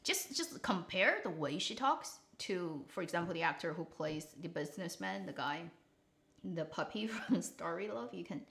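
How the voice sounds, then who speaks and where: Blunt, animated woman drama reviewer. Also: lowish voice. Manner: opinionated, blunt, animated critique. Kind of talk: casual commentary livestream.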